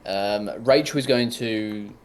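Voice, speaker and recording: A man's voice: on the low side, slow, slight background noise. A man narrating as game master, rambling with lots of ums and likes.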